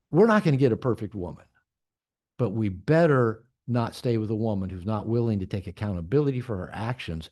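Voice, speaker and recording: An older man speaking to a room of men, blunt and candid, with profanity scattered through his stories. His pitch swings widely from low mutters to sudden high emphasis. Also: dark tone. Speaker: author and coach. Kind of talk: talk to an audience of men.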